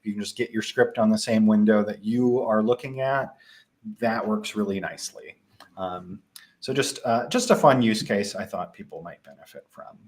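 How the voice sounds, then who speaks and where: A young man with a Midwestern accent, casually presenting a live software tutorial with frequent ums and restarts. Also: on the low side, normal speed. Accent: Midwestern American.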